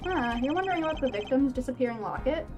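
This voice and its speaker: A woman reading the lines of a calm, mysterious man, a former lawyer who now plays poker, in a laid-back, teasing way. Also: sits high, quick pace. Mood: cryptic. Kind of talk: reading game dialogue aloud. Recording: game music playing behind.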